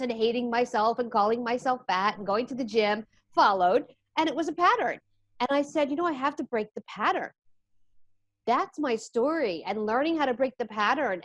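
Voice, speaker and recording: A woman's fairly high voice tells her own story as an interview guest, lively and animated. The recording is dry and close, with little room sound. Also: dry recording. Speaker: interview guest, addiction coach.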